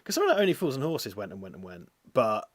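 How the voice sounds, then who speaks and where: A man's voice: fairly low pitch, big pitch swings, fast talker, no room sound. A man co-hosting a livestream watch party in casual chat, joking and playful and often tripping over his words. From Britain. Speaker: co-host reading viewer messages.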